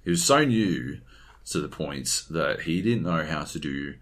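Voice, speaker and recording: Animated man, lively swearing podcast chat. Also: rumbling low, unhurried. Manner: animated, swears freely, acts out quotes. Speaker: podcast co-host. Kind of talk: casual gaming podcast chat.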